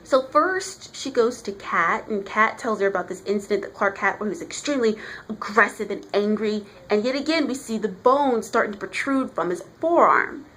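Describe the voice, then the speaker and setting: A woman's voice: medium pitch, lively intonation, normal speed, a bit bright, slight background noise. A woman giving a casual, chatty vlog review of a comic book, talking with emphasis.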